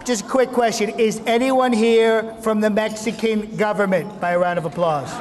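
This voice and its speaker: A man's voice: high-pitched, steady tone, normal speed, in a large hall, crowd noise, voice pushed up, lightly acted. An impressionist doing an older male politician with angry confidence, a throaty, nasal voice and a touch of New York on some words. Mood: boastful. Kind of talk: stage impression.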